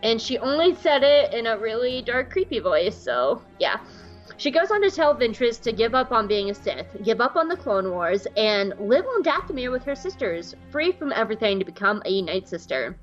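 High-voiced woman podcaster, chatty and laughing, lo-fi audio. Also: moderate pace, faint music behind. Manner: animated, laughing, acts out quotes in squeaky voices. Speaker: podcast co-host. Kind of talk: casual chat, recapping an episode.

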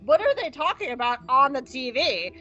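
An overexcited young man squeals in a high, loud voice, as a woman puts him on. He sounds breathless and eager. The podcast audio is slightly dull. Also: very animated, moderate pace, full character voice. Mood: excited. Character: excitable, mother-dominated young man.

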